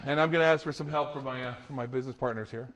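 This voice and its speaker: A middle-aged man giving a lively talk to an audience, storytelling with laughter. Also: mid-range voice, racing. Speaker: motivational speaker.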